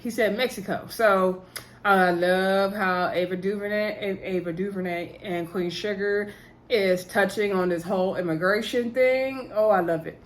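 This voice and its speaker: At a measured pace and in a steady, medium-pitched tone, a woman vlogger rambles through a TV episode recap. She talks to her audience directly, slipping in "so anywho" again and again among her asides.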